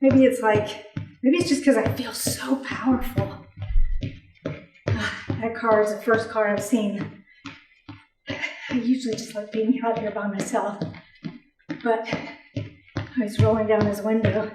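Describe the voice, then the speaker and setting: A woman's voice: fairly high pitch, fairly even intonation, unhurried, pauses often, a little mellow, a little hiss or hum. A woman performing a candid, profane comic monologue on a theatre stage. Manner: profane, candid, bursts into laughing outbursts. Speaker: solo performer. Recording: roomy stage sound from far off.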